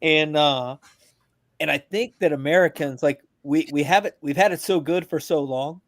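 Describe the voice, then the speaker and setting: A veteran calling in to a podcast, talking casually in an animated, joking, profane rant. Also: male voice, on the high side, moderate pace, no room sound, studio quality. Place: abroad, remote from the hosts.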